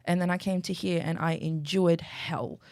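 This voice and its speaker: A woman's voice: fairly low pitch, steady tone, normal speed, darkish tone, dry recording, studio quality. A young woman from Iraq with an Australian tone, talking candidly and emphatically in a casual chat, swearing freely. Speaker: guest.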